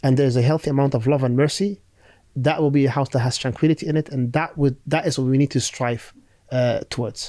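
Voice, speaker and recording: Fast-talking man explaining Islamic duties. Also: medium pitch, fairly even intonation, mellow, no room sound. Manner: quick, earnest explaining with Arabic terms. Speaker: Islamic scholar guest. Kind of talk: religious podcast discussion.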